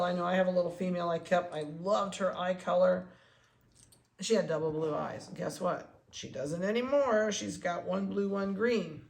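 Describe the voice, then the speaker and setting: A dog breeder in a casual chat, handling puppies and talking to them in soft baby talk between explanations. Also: mid-range voice, gravelly. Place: indoor room of a home. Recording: echoey room, faint background noise.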